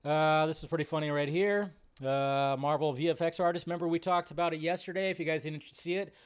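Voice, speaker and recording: A man hosting a live movie news stream, speaking close to a desk mic in a slightly higher-than-usual voice. He rambles casually and loosely with plenty of fillers. He drifts between chatting with viewers and running through the news. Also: fairly even intonation, fairly quick, clean tone. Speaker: host of a live film news show.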